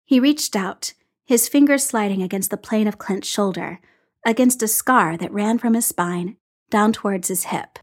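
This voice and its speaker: A woman reading a story aloud in an even, unhurried storytelling voice. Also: mid-range voice. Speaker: story reader. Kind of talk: reading fan fiction aloud.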